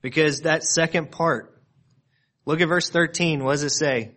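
A man preaching a sermon, earnest and conversational, building to loud emphatic peaks and then dropping to soft, low asides. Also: steady tone, measured pace. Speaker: pastor.

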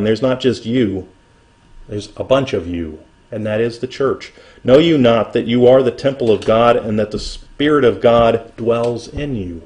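A middle-aged man preaching a sermon, reading scripture slowly and building emphasis as he goes. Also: mid-range voice, a little mellow. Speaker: pastor.

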